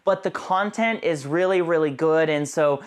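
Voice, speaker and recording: A man's voice: fairly high pitch, normal speed. A man hosting a podcast, talking in a chatty, playful way with plenty of fillers. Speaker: podcast host. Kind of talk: casual podcast conversation.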